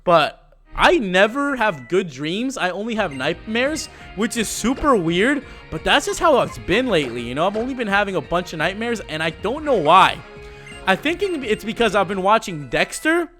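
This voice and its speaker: A man's voice: high voice, pushed and bright. A man giving casual, laid-back commentary while playing a video game, slangy and joking. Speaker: let's play host.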